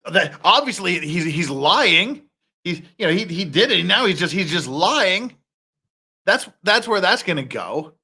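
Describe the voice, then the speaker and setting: A husky, high-voiced man speaks a little slowly as he hosts a reaction commentary. He gets heated and animated, ranting with frequent swearing.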